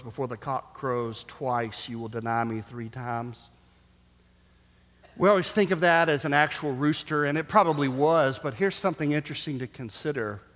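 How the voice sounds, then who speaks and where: A man preaching a sermon as pastor, shifting from hushed, slow passages to loud, emphatic ones. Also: medium pitch, in a large hall.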